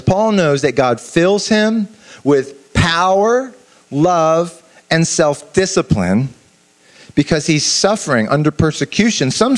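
A man giving an informal sermon, talking in an animated, conversational way with asides to the listeners and frequent restarts. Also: fairly high pitch. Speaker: preacher. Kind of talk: informal sermon to a youth audience.

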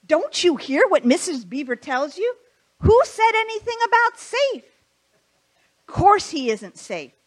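A woman's voice: extremely high pitch, very animated, measured pace, pitched above the performer's own voice, exaggerated voice. A woman voicing a stern, earnest male beaver from a storybook, reading it aloud to a congregation. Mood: emphatic. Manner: stern, emphatic.

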